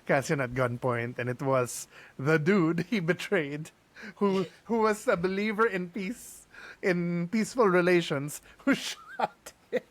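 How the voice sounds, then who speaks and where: Man, fairly high voice, halting casual chat. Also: no echo. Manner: halting, laughs between phrases. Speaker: podcast co-host.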